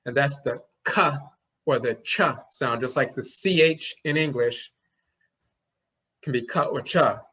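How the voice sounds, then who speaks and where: A man's voice: mid-range voice, measured pace, long pauses, bright, forceful tone, slightly rough. A man giving a classroom lecture on an old script, explaining each sign and sounding out its letter. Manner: explanatory, demonstrates sounds aloud. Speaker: language teacher. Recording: dull lo-fi recording.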